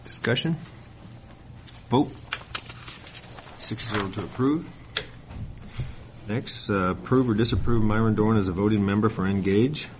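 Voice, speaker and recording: Man, board chairman, deep voice, brisk procedural delivery, dry humor, noisy meeting-room recording. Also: a little mellow.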